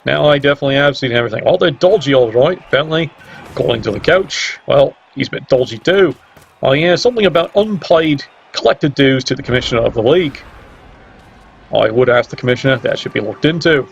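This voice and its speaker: A man's voice: medium pitch, lively intonation, a little fast, creaky, faint music behind. A man commentating a video game match in a sarcastic, teasing way. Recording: dull lo-fi mic with faint hiss.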